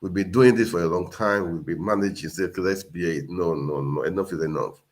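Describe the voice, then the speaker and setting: A Nigerian man with a low voice hosts a casual livestream, speaking briskly. He's earnest and repetitive, exhorting his viewers again and again.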